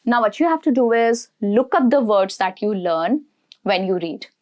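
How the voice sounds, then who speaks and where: A woman's voice: medium pitch, normal speed, a little mellow. A woman with an Indian accent giving a direct-to-camera English lesson, emphatic and full of "all right?" check-ins. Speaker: English teacher.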